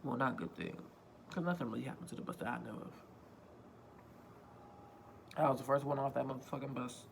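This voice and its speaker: Filming on his phone, a man tells a loose, profane storytime, circling back over the same points as he goes. His voice is medium in pitch, brisk and creaky, with a little hiss or hum in the recording.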